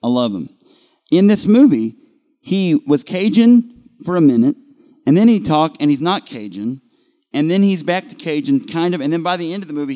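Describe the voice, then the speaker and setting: A man hosting a movie podcast live at a convention panel, talking in an animated, sarcastic, jokey way. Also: medium pitch, long reverb tail. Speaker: podcast host.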